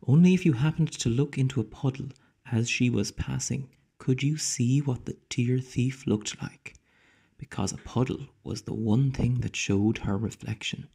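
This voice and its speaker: Male teacher reading aloud to kids; husky, mellow, slow, with hushed whispers. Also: medium pitch. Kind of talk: storybook read-aloud.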